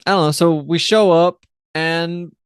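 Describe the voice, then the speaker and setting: A man's voice: fairly high pitch, fairly even intonation, measured pace, clean tone, no room sound, clean studio sound. A man co-hosting a podcast, chatting casually and rambling through an episode recap, often acting out the characters' lines. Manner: rambling, loose, with fillers and playful quoting of characters. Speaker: podcast co-host.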